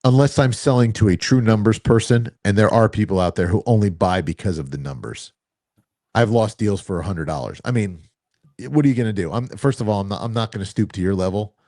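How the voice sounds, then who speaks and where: A man co-hosting a casual chat, telling self-assured, animated stories about selling. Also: lowish voice, brisk, no room sound, studio quality. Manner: animated, anecdotal, self-assured salesman talk. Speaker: co-host.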